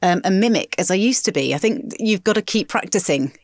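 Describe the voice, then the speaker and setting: A woman's voice: mid-range voice, lively intonation, fairly quick, no echo, studio quality. A woman voice actor interviewing a colleague, chatty and encouraging, often murmuring agreement. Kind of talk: conversational interview.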